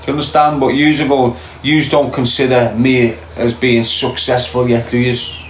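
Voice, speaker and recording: His delivery is flat, his voice mid-range and his pace normal as this middle-aged Liverpudlian hosts a casual stream. He reads out comments and talks bluntly, swearing freely. There's a little hiss or hum, and the echoey room adds faint ambience.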